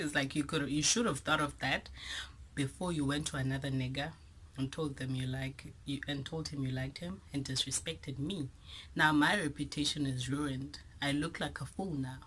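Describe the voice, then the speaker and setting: A young South African woman telling a storytime vlog, animated and dramatic, with whispered asides. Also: rumbling low, normal speed, a little hiss or hum, low-quality recording. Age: young adult. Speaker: vlogger.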